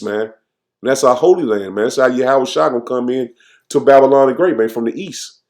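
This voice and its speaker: A man giving an informal, fervent sermon, reading verses slowly and then commenting, tagging "man" onto nearly every phrase. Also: medium pitch, a little mellow. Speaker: scripture teacher. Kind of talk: informal preaching with scripture reading.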